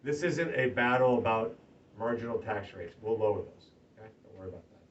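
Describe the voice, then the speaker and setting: A man's voice: on the low side, a little fast, a little hiss or hum. Man, political candidate, campaign speech, emphatic, distant mic, lo-fi sound. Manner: emphatic, swings from loud rallying to hushed earnest. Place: party office meeting room. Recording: distant lo-fi room recording, faint ambience.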